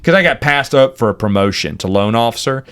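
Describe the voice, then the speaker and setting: A man in his forties spins personal stories in a casual podcast chat. His voice is mid-pitched and rises and falls a great deal as he acts out the people he quotes. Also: lively intonation, fairly quick, fairly bright tone, smooth. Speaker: podcast host. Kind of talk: casual storytelling.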